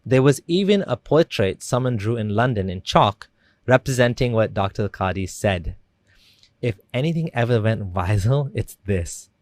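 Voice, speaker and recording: A man's voice: lowish voice, lively intonation, normal speed, no room sound. Man with a dry, close commentary voice. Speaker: commentary channel host. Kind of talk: scripted critical commentary.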